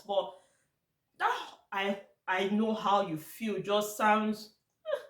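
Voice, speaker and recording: A woman's voice: mid-range voice, roomy sound. A Nigerian woman vlogging to camera in a casual, blunt and exasperated way, slipping into Pidgin now and then.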